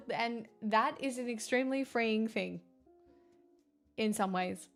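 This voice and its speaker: A woman's voice: fairly high pitch, slow, soft background music. A woman who streams and chats with viewers. She talks in a candid, rambling way, swears, and laughs often. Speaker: live streamer reading chat. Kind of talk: casual chat.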